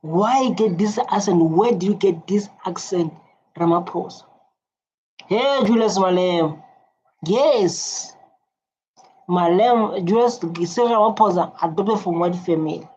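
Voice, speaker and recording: A husky woman gives casual reaction commentary at a slow, unhurried pace. She talks in an animated way and keeps repeating her phrases. The recording sounds dull and lo-fi. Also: medium pitch. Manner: animated, repeats phrases, many fillers and restarts. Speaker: reaction video host.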